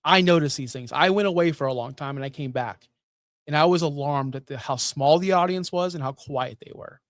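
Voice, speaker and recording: A man's voice: on the high side, a little fast, dry recording. A man hosting a wrestling recap stream in a casual, ranting style. He repeats his points and fires off rhetorical questions. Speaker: wrestling show recap host.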